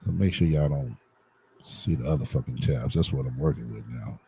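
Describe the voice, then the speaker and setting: A man's voice: rumbling low, normal speed, vocal fry, mellow, husky, low-quality recording. A man, live-streaming and talking to his viewers while he fights with his setup, muttering, swearing and asking them to bear with him.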